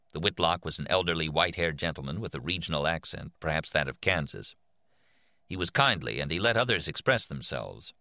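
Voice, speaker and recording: A man with a very low but lively voice narrates an audiobook, reading in a measured, expressive way. His tone is bright and forward. It is a dry, close recording with no room sound. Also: no echo.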